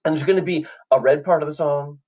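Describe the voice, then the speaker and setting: A man's voice: a little high, fairly even intonation, fast talker, darkish tone, muffled recording. A man teaching a classroom music lesson, coaching students in an upbeat way and singing short examples for them to copy.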